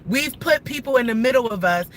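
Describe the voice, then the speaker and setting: A woman's voice: fairly high pitch, expressive, fairly quick, rough recording. A woman ranting profanely and suspiciously from her car during a live-streamed drive through city traffic. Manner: profane, rambling, suspicious and agitated. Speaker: livestreamer driving a child to school. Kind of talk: live-streamed driving rant. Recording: loud road and engine noise from a car. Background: loud traffic and engine noise.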